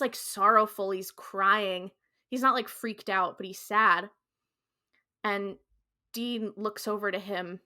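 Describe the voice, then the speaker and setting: A woman co-hosting a casual podcast and recapping an episode scene by scene. Her voice is bright and ringing, and her pitch sits in the middle of the usual range. She talks in a loose, animated way, full of "like" fillers and quick switches into quoted lines. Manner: animated storyteller, slips into quoted character voices; frequent "like" fillers, casual swearing. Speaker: podcast co-host.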